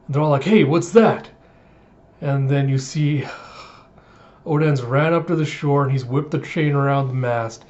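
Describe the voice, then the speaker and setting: A man's voice: mid-range voice, fairly even intonation, moderate pace, darkish tone. A man casually recapping a comic chapter as a reviewer. He swears now and then and makes sound effects. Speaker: manga reviewer. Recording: dull lo-fi audio.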